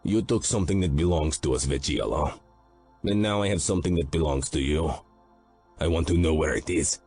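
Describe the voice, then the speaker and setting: A man's voice: rumbling low, brisk, a little mellow, breathy edge, soft background music, heavily acted. A man voicing a menacing male Russian mob underboss with a Russian accent, taunting and threatening.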